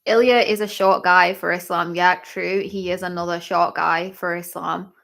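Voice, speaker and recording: A woman hosting a live fight-watching stream, chatty and excitable, with lots of exclamations and fillers. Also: lowish voice, moderate pace, creaky. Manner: chatty, filler-heavy talk. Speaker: livestream host.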